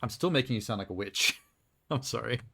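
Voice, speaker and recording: A man's voice: medium pitch, animated, a little fast, creaky, pushed and bright. A man streaming a building game and chatting casually, joking and laughing often. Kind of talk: casual live-stream chat while playing a game.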